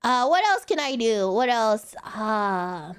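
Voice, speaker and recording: A woman's voice: fairly high pitch, sing-song, slow pace, clean tone. A young woman streaming casually, rambling playfully and laughing often. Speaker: VTuber streamer. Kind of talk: casual live-stream chat.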